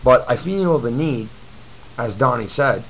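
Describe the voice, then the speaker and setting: A man's voice: medium pitch, lively intonation, a little slow, fairly bright tone, slight background noise, low-quality recording. A man giving a blunt, profane, rambling webcam rant to his viewers from his apartment. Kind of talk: ranting webcam video reply. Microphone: camcorder mic.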